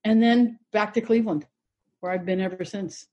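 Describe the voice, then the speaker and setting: Husky-voiced woman, 60s, clergy guest, thoughtful storyteller. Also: mid-range voice, moderate pace, dark tone, highs cut off. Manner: reflective, earnest, lightly humorous. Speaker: Episcopal priest, interview guest. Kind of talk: personal storytelling in conversation.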